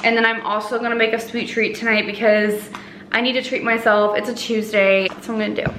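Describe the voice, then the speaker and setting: A woman's voice: fairly high pitch, little pitch movement, fairly quick, a bit bright, roomy sound, a little hiss or hum. A young woman in her twenties chatting casually at home as a vlogger, talking through her routine with lots of "like" and little laughs. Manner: chatty, says "like" often, laughs between thoughts. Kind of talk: casual vlog chat. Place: at home, indoors.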